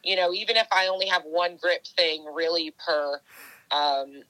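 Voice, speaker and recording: A woman's voice: fairly low pitch, steady tone, normal speed, pushed and bright, rough recording. A woman obstacle racer chatting casually in an interview, rambling with many fillers and restarts. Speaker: obstacle race athlete.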